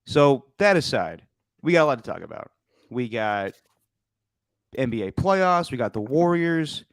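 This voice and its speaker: A man's voice: medium pitch, no room sound. A man hosting a casual sports podcast, joking and bantering with his co-host. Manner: joking, quick banter, lively asides.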